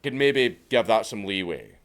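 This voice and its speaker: Sardonic Scottish man, lively delivery. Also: lowish voice, unhurried. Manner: sarcastic and profane, deadpan mockery. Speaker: video commentator. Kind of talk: sardonic scripted commentary.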